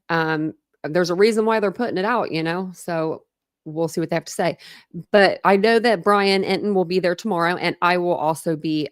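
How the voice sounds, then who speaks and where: A woman with a lowish voice hosts a true crime livestream in a casual, chatty way. She greets viewers by name, fills pauses with ums and small laughs, and reads documents aloud. The sound is dry and close, with no room echo.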